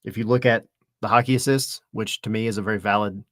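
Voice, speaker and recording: A man with a fairly low voice who co-hosts a laid-back sports podcast. He argues his case with numbers in easy, conversational talk. The sound is dry and close, with faint music in the background. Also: steady tone, quick pace, fairly bright tone, no echo. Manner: argues his point with stats. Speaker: podcast co-host. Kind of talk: casual podcast chat.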